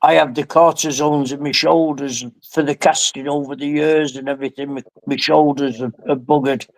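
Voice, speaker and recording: A man's voice: on the high side, level tone, normal speed, poor audio. A man in a live stream chat who gives agreeable, sympathetic replies. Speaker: viewer guest.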